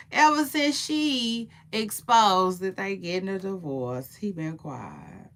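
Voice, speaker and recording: Woman, live-stream gossip, unhurried delivery, lively swinging pitch. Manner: animated, playful, frequent "child" and quick laughs.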